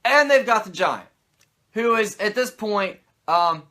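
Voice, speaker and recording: A male host running through a comedic wrestling recap, profane and sarcastic throughout. His voice is high and bright, with a pitch that swings all over. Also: lively intonation, a little slow.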